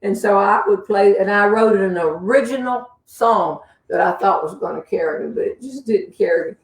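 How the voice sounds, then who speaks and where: An older woman with a Southern drawl spins stories in an easy, folksy manner and chuckles along the way. She is a humorist host answering viewers' questions. Her voice sits at an ordinary pitch and is heard from a distance in a roomy space. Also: moderate pace. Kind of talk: casual storytelling and Q&A.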